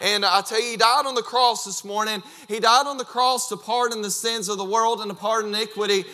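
A man preaching a fervent sermon, emphatic and repetitive, breaking into shouts. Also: high-pitched, steady tone, a little fast.

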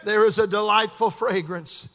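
Male pastor, high tenor, bright and ringing, shouts then hushes, echoing sanctuary. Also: moderate pace, some chatter behind. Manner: swings from shouting to hushed, sing-song preaching cadence. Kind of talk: sermon. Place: church sanctuary. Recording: long hall reverb.

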